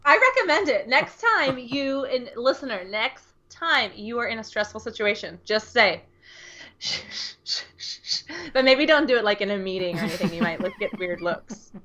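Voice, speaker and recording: American woman, podcast co-host, bright tone, casual rambling chat, slightly muffled recording. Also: a little high, lively intonation, normal speed, hardly any pauses. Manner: chatty, rambling with many fillers.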